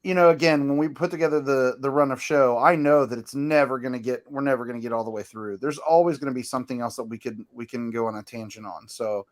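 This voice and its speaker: A man's voice: medium pitch, fast talker, hardly any pauses. Man, podcast host, mid-range voice, easygoing, reassuring. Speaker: podcast host keeping the run of show. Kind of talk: casual round-table chat.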